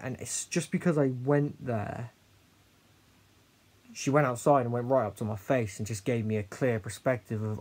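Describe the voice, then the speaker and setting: A young man telling a personal story in a candid, halting way, with many fillers and some swearing. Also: mid-range voice, a little mellow. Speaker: host sharing his story.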